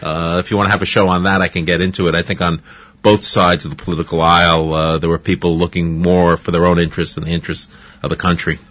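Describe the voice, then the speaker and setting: Husky low-voiced male radio guest. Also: level tone. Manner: measured, thoughtful, with fillers. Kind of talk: casual radio interview. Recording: dull radio audio.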